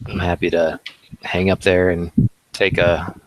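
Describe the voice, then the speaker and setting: A man playing a tabletop game, asking slow, hesitant questions. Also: low-pitched, level tone, no echo, poor audio. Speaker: player. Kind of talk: casual tabletop play.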